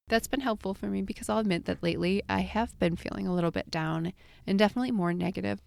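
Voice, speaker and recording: A woman hosting a solo podcast as a life coach, her voice slightly scratchy from a recent illness, speaking gently and reflectively to the listener as a friend. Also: on the low side, vocal fry.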